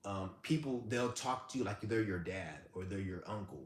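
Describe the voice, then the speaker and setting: A man with a somewhat low voice rants through stories in a blunt, profane and animated way. His voice carries a noticeable room echo, with a faint hum in the background. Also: moderate pace. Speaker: live-stream host. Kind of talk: ranting storytelling.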